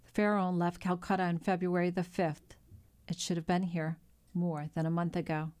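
A woman's voice: on the low side, level tone, normal speed, a little mellow, close to an everyday voice. A woman voicing an anxious middle-aged male shipowner in an audiobook, speaking with strain. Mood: worried. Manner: shaken, strained speech. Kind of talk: audiobook character voice.

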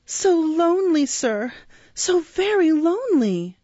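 A woman voicing a frightened little workhouse boy who pleads through sobs in a high, trembling voice. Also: very animated, slow pace, warm tone, no room sound, full character voice. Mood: sobbing plea. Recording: dull, dry recording.

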